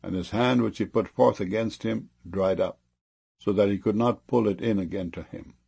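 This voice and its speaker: A man reads scripture solemnly in a low, gravelly voice with a husky edge. He lifts his pitch and volume for each quoted speaker, then drops back into a steady narration. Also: normal speed. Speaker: scripture reader.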